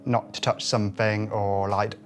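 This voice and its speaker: A man's voice: on the low side, little pitch movement, moderate pace, faint music behind. A British man co-hosting an interview, chatting casually.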